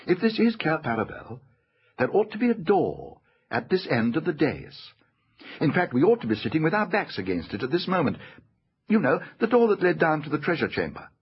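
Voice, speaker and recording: A man's voice: a little high, very animated, a little fast, highs cut off, voice pushed up. A man voicing Lucy, an eager young girl.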